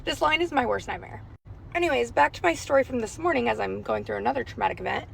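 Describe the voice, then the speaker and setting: A woman's voice: fairly high pitch, expressive, fast talker, gravelly, slight background noise, low-quality recording. A young woman telling a rambling, anxious storytime in a casual vlog, recorded on her phone while sitting in a car in a school pickup line. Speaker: parent vlogger. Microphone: phone held in car.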